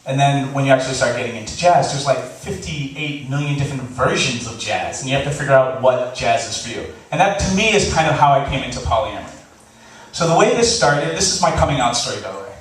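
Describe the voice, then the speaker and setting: A man telling a funny personal story on stage before a live audience, animated and laughing, acting out the voices he quotes. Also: mid-range voice, fast talker, far from the mic. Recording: echoey live hall recording, faint hiss.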